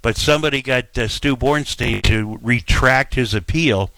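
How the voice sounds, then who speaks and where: A man hosting a call-in radio show, brisk and jokey as he chats with callers. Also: medium pitch, a bit bright, no echo. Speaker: radio talk show host.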